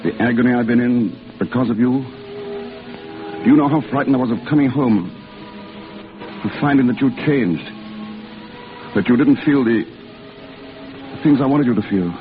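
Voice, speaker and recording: A lovesick young man from a 1940s picture, played by an actor, clowning and then halting and sincere. A mid-pitched voice on a thin, phone-like soundtrack with music underneath. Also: lightly acted. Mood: earnest. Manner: playful clowning, then halting, earnest confession. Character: young man home from service, joking and lovesick. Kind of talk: 1940s film acting. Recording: tinny old film soundtrack with music.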